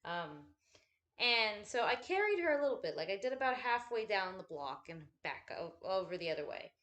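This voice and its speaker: A woman's voice: mid-range voice, very animated, normal speed, a bit bright. A woman chatting casually at home while folding laundry, rambling and swearing freely with self-deprecating asides.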